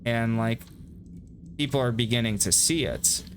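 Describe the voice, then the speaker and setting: Speaking at a measured pace in a medium-pitched voice, a man rambles through casual commentary while streaming a game. He's profane and self-deprecating, and the recording carries a little hiss or hum.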